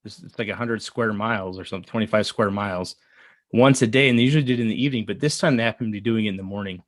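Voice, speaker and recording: A man in his thirties telling a personal story in an earnest, halting way, with many fillers and restarts. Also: on the low side, no room sound. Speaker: guest. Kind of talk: casual storytelling.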